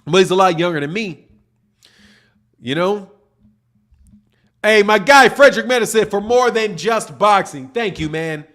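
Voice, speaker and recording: Middle-aged male host, high-pitched, casual slangy banter with live chat. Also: animated, measured pace, long pauses, fairly bright tone. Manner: loose, joking, talks back to chat with slang. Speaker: boxing channel host reading live chat.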